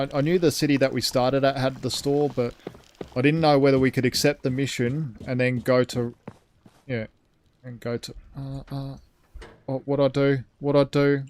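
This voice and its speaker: A man's voice: medium pitch, a little mellow. Rambling man streaming a game. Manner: rambling, thinks aloud, reads and thanks chat. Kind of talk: casual live-stream chat.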